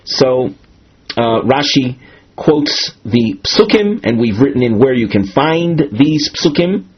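A man explains a Talmud passage in a careful, methodical teaching voice, restarting phrases as he goes. His voice is somewhat husky and moves lively up and down in pitch. The recording sounds dull and lo-fi. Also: slow pace. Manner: methodical, with frequent restarts and Hebrew terms. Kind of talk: explanatory study lesson.

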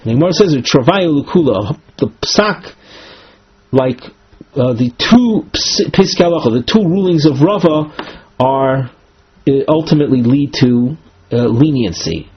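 A man teaching a Talmud class, the text and explaining it step by step in a measured way, an of the text. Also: medium pitch, lively intonation, slightly rough. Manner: reads and explains, slow and measured, with self-corrections. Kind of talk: Talmud class, reading and translating line by line. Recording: muffled lo-fi class recording.

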